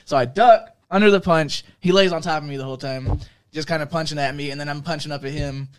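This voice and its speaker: A young man casually telling a profane story to friends, acting out the shouts of the people in it. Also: a little high, quick pace, clean tone. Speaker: podcast co-host.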